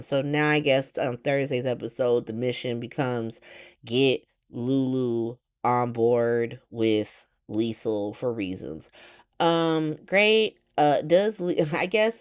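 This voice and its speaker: A woman with a low-pitched voice hosts a casual podcast recap. She talks bluntly and sarcastically, swears freely, and rambles through fillers. She keeps tossing out exasperated rhetorical questions. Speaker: podcast host recapping a soap opera.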